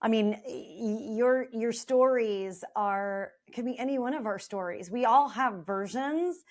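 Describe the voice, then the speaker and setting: A woman's voice: a little high, a little slow, darkish tone. A woman hosting a podcast interview, responding reflectively and affirming her guest. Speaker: podcast host. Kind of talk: conversational interview.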